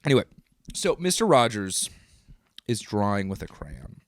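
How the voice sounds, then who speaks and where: A man in his thirties hosting a live stream, talking casually in a rambling, animated way that often interrupts itself. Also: fairly low pitch, normal speed, no room sound, clean studio sound. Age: 30s. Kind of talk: casual livestream monologue.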